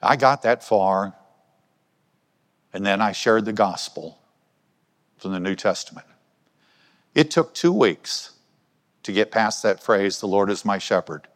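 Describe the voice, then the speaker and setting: Speaking unhurriedly and pausing often, a man with an expressive voice on the low side gives a conversational sermon in a church hall. He puts questions to his listeners, and a long hall reverb colors the sound.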